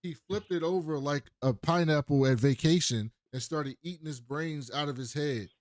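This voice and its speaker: A man's voice: a little high, moderate pace, darkish tone, no room sound. A man co-hosting a podcast in casual chat, blunt and profane, often correcting his partner. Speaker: podcast co-host.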